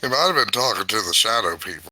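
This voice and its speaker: A man's voice: on the low side, lively intonation, quick pace, pushed and bright, no room sound, rough recording. A man cracking sarcastic, crude jokes in a casual podcast chat. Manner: sarcastic, crude joking commentary. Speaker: podcast co-host.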